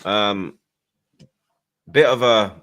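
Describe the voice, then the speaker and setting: A man in casual football banter, teasing and slangy, shouting out viewers from the chat. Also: fairly low pitch, very slow. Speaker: football fan panelist.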